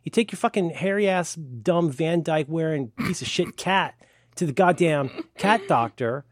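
Sardonic, rambling man with a lively voice. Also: moderate pace, dry recording, studio quality. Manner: rambling, profane, sardonic storytelling; puts on high voices when quoting staff. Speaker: podcast co-host. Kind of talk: casual chat.

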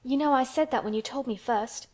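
A woman voicing Colin, a fretful sickly boy. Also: brisk. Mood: eager. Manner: eager and high-strung. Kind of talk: storybook character voice.

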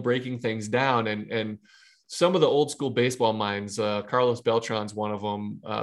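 Man telling a lively baseball story. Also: medium pitch. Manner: animated storyteller acting out dialogue, laughing. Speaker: podcast co-host and former baseball pitcher. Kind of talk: casual podcast chat.

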